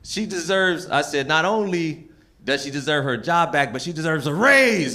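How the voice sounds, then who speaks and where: A man performing a stand-up comedy set, telling a story with animated delivery and acting out the people in it while an audience laughs. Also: on the high side, moderate pace.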